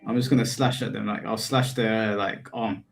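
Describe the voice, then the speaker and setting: A man's voice: fairly low pitch, flat delivery, normal speed, vocal fry, slight background noise. A man playing a tabletop game on a stream, chatting casually with stumbling restarts. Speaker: player and streamer. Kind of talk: casual chat.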